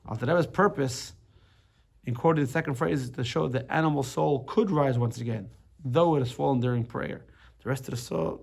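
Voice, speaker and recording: A man's voice: medium pitch, gravelly, darkish tone, husky. A man teaching a casual class on a religious text, explaining with everyday examples, often restarting and repeating words.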